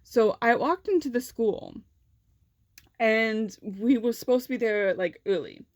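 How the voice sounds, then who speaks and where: A woman's voice: a little high, measured pace, no echo, clean studio sound. A young adult woman vlogger telling a personal story in a casual, chatty way, full of fillers.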